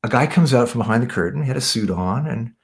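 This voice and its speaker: A man from Canada with a gravelly, creaky voice at an ordinary male pitch. He talks casually as an interview guest, circling back, correcting himself and dropping in "yeah, yeah". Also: animated, fast. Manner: rambling, self-correcting, repeats "yeah, yeah".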